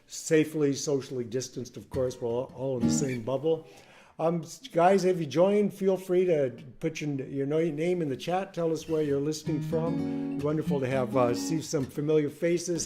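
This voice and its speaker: An older man, a singer-songwriter, chatting casually on a home livestream between songs, rambling and restarting his sentences. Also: on the high side. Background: acoustic guitar.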